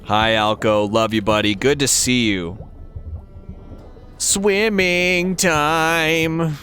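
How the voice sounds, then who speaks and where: A man streaming a video game live, chatting casually and greeting his viewers warmly by name. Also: lowish voice, fairly even intonation, moderate pace, faint music behind.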